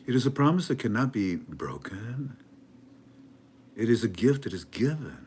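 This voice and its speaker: A man giving an animated commentary monologue in a dramatic, emphatic way, with many stammering restarts. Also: mid-range voice, normal speed, a little hiss or hum. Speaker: online currency commentator.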